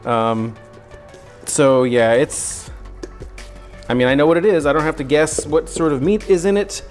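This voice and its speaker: A man's voice: a little high, measured pace, darkish tone, soft background music. A man chatting casually on a cooking livestream from his home kitchen, joking and poking fun at himself. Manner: joking, self-mocking, chatty. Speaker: streamer cooking live.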